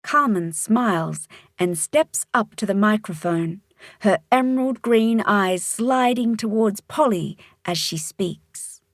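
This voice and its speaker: A woman reading a children's storybook aloud, narrating calmly and expressively. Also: medium pitch, slow, no room sound, studio quality.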